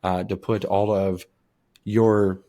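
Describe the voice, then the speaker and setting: A man with a fairly low voice, co-hosting a podcast in casual chat. His delivery is wry, and he swears easily. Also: flat delivery, takes it slowly, warm tone. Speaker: podcast co-host.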